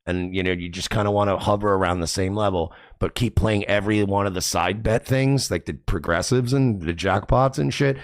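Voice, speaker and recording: A man's voice: fairly low pitch, brisk, few pauses. A man hosting a podcast, ranting crudely and mockingly as he comments on clips. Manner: profane, mocking, rambling rant. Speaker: podcast host.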